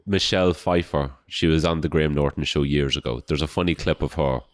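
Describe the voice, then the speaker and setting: A man, co-hosting a podcast and telling relaxed anecdotes. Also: rumbling low, fairly quick. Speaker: podcast co-host. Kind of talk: casual chat.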